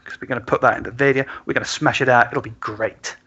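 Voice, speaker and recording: A man's voice: mid-range voice, steady tone, fast, pushed and bright, husky, lo-fi sound. A man voicing a bitter, grudging woman fixer. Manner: grudging, blunt.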